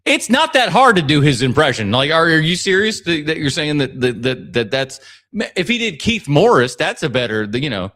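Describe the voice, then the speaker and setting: A man hosting a live podcast stream, chatting casually to his audience. His pitch swings widely as he teases and jumps between thoughts. He stumbles and restarts often, like unscripted live talk. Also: normal speed. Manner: animated and teasing, many restarts. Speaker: podcast host reacting to clips.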